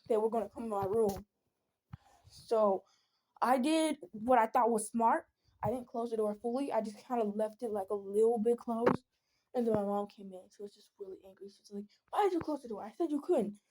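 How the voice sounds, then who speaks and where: A teenage girl talks through a casual venting video in an earnest, rambling way. Her voice is mellow and warm, never bright. She often slips into soft pleading. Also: a little high, brisk, slight background noise. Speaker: vlogger.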